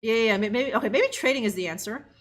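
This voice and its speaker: A woman's voice: fairly high pitch, fast talker. A woman streamer chatting casually and laughing as she plays a game live and talks to her viewers. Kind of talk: live gameplay commentary.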